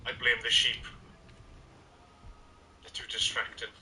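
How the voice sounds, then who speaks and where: A man's voice: medium pitch, monotone, unhurried, sharp tone. A man chatting and teasing dryly over a voice call with a gaming streamer. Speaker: guest player. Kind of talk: casual chat on a voice call. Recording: distant voice-call audio with faint hiss.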